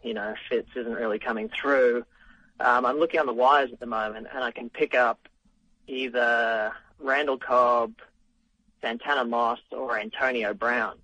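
A man with an Australian accent, calling in to a sports radio show in a relaxed, friendly way. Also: medium pitch, measured pace, no room sound. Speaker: caller. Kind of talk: phone-in call. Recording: muffled dry phone line.

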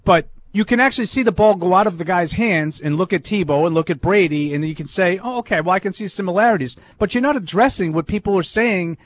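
Lively rambling male sports co-host. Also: high-pitched, a little fast, few pauses, no room sound. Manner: argumentative, talks in long run-on stretches. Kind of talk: casual sports talk.

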